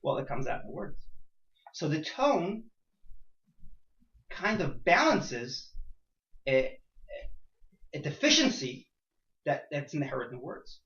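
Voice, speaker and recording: A man teaching a class, firing off rhetorical questions and swinging between quiet points and loud emphatic ones. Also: big pitch swings, slow, vocal fry, pauses often. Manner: rhetorical questions, sudden rises in pitch and loudness. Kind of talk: class discussion. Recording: echoey room, dull lo-fi sound.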